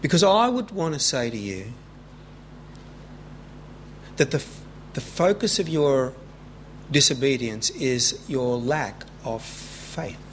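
A man preaching a sermon in an earnest way, rising in pitch when he stresses a point. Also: lively intonation, a little hiss or hum. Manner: earnest, rising with emphasis, slow deliberate preaching. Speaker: pastor.

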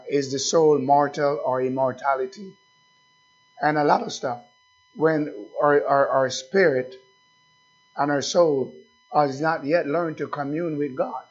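A man preaching a sermon as pastor, speaking slowly and asking the congregation questions again and again. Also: fairly high pitch, highs cut off.

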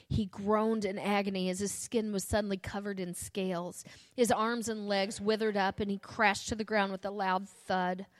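A woman reading a story aloud in first person, earnest and steady, with a few small restarts. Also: medium pitch, no room sound.

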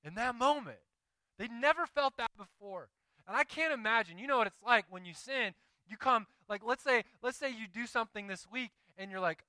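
A man with a Southern accent preaching a sermon in an animated, conversational way, slipping into quick acted asides. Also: very high-pitched, no room sound, low-quality recording. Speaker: pastor.

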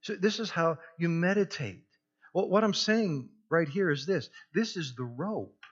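A man preaching a sermon as pastor, swinging from near-shouted passion down to hushed, tender tones. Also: fairly high pitch, measured pace, dull audio.

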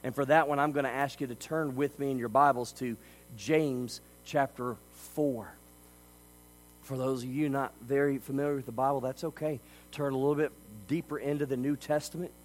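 A man preaching a sermon as a pastor. He delivers it emphatically, swinging between quiet stretches and loud ones. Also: medium pitch, steady tone, moderate pace, a little hiss or hum, low-quality recording.

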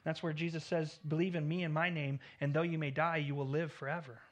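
A man preaching a sermon in an earnest tone, swelling louder on key points and dropping low at the ends of phrases. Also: little pitch movement, fairly quick. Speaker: pastor.

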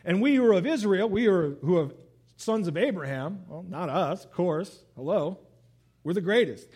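A middle-aged man delivers a sermon with a noticeably high-pitched voice. He moves between reading scripture and loose, conversational asides, keeping the tone animated. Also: moderate pace, slightly rough. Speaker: pastor.

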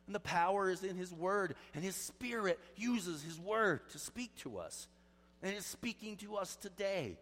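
Preaching man with a higher voice in a reverberant hall. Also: expressive, moderate pace. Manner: swings from quiet intensity to loud pleading emphasis. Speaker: pastor. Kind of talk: sermon.

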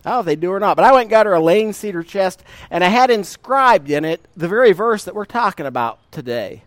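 A middle-aged pastor delivers a sermon full of folksy stories, laughing as he goes and drawing out key lines for emphasis. His voice sits high and is expressive, with no echo.

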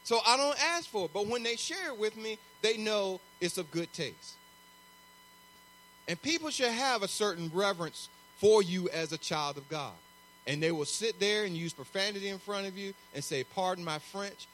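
A man preaching a sermon as pastor, conversational and animated, acting out little asides. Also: sits high, normal speed, slight background noise.

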